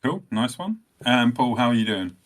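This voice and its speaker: A man's voice: medium pitch, very animated, normal speed. A man hosting a podcast, chatting in an easygoing, self-deprecating way. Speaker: podcast host. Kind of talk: casual chat.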